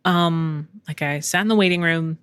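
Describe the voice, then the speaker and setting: A woman podcast host at home in Texas delivers a casual storytelling monologue in a low, clear, resonant voice at a moderate pace. The sound is dry and close with no echo, and she's candid and chatty, laughing often and swearing casually.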